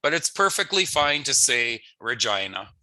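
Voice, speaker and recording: A man teaching an online language lesson, slowly and patiently repeating phrases for his learners, with friendly joking asides. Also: medium pitch, very animated, bright, forceful tone, dry recording, low-quality recording. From Canada.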